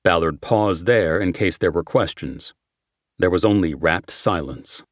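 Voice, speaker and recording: A man reads a crime thriller audiobook in scripted narration, speaking a little slowly. He lifts his pitch and volume for quoted dialogue and drops low for the tags. The studio sound is clean, with no room sound.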